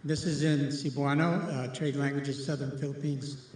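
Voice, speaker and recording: A man leading a call and response, explaining calmly. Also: mid-range voice. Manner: explanatory, unhurried. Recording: echoey room from far off.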